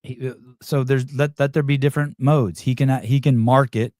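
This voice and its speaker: A man at mid pitch runs his podcast, reacting to viewer comments with blunt, swear-heavy opinions. He rambles and cuts himself off, and the sound is dry and close. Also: steady tone, normal speed, a little mellow, dry recording. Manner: blunt and heavily profane; rambling, self-interrupting delivery. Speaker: podcast host.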